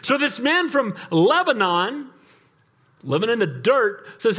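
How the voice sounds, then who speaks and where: A male pastor delivers a sermon in a noticeably high voice. He tells stories with animated asides and keeps calling out for amens. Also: unhurried, slightly rough. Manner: animated storytelling with calls for amen.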